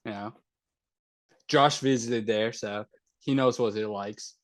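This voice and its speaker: A man's voice: lowish voice, takes it slowly. A young man from the country of Georgia, a podcast guest chatting casually and joking. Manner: laid-back, joking, slangy. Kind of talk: casual chat.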